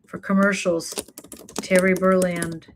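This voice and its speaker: A woman's voice: fairly low pitch, little pitch movement, background noise. Emphatic woman coaching actors. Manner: emphatic, encouraging, stacks quick lists. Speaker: acting coach and talent manager. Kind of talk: live online class answering chat questions.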